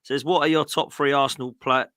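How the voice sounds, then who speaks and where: A man talking football in a bright, forceful voice. He chats directly and gets animated when he mocks rival fans. The sound is dry and close. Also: mid-range voice, a little fast, clean tone, dry recording. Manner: chatty, direct. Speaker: co-host. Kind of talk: casual football podcast chat.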